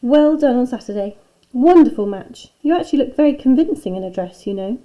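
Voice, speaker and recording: A woman's voice: high voice, expressive, a little fast, warm tone, highs cut off, pitched above the performer's own voice. A woman reading aloud as a prim, haughty woman teacher who adores everything French, in a children's storybook. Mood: gushing.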